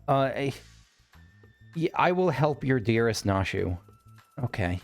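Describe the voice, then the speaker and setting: A man's voice: mid-range voice, expressive, takes it slowly, long pauses, soft background music. Rambling wry man commenting on gameplay. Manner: rambling, self-correcting, wry asides. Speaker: let's play gamer.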